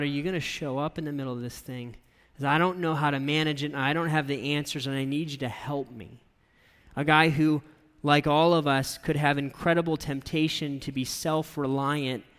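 A higher-voiced male pastor in a reverberant hall. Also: a bit bright. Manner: conversational, keeps asking "right?"; acts out his daughter's crying in a high voice. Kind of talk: sermon.

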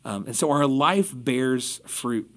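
A man's voice: mid-range voice, animated, takes it slowly, a bit bright. A man who is a pastor, casually discussing a Bible passage on a church podcast and explaining it with everyday examples.

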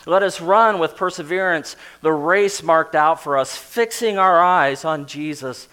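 A middle-aged male pastor preaching in an earnest, heartfelt way. His voice sits a little high for a man. He falls to a soft hush at times and rises in emphatic bursts. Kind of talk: sermon.

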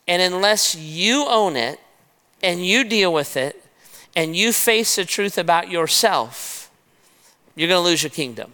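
A man preaching a sermon, retelling a scripture story in a lively way and talking straight to his listeners as "guys". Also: high-pitched, measured pace, clear, resonant tone. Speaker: pastor. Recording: long reverb of a large hall.

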